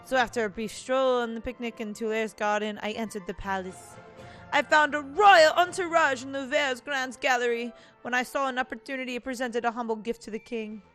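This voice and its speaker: A woman's voice: on the high side, fairly even intonation, fairly quick, fairly bright tone, soft background music, lightly acted. A woman voicing a courteous young male prince with flowery speech, reading game dialogue aloud in a stilted put-on accent. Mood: recounting. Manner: stilted attempt at a foreign accent.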